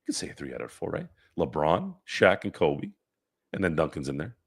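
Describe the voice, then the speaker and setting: A low-voiced man hosts a casual sports live stream. He reads viewers' comments and fires back at them, arguing in rambling sentences full of restarts. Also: wildly swooping pitch, normal speed, creaky, breathy edge.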